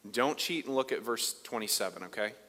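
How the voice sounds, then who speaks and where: Bright-voiced preaching man in a reverberant hall. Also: on the low side, expressive, brisk. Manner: conversational preaching, shifts between loud emphasis and quiet asides. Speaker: pastor. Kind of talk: sermon. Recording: long reverb of a large hall.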